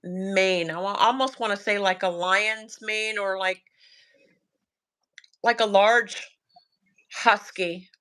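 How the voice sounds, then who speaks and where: This woman's clean, mid-range voice moves slowly with frequent pauses, carrying a Southern US accent. She's a guest telling a sighting story in casual talk, lively as she quotes her son and herself, with lots of laughter.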